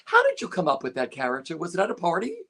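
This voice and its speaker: A man's voice: a little high, huge pitch swings, very fast, pushed and bright. A man hosting an interview, eager and affirming as he asks questions. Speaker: host. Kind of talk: casual interview chat.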